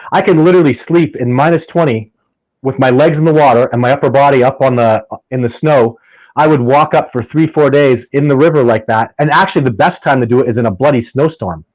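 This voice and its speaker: A man guesting on a casual interview, telling stories in an animated, emphatic way and often restarting his sentences. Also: medium pitch, fairly quick, no room sound. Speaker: podcast guest, field researcher. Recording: dull lo-fi dry sound.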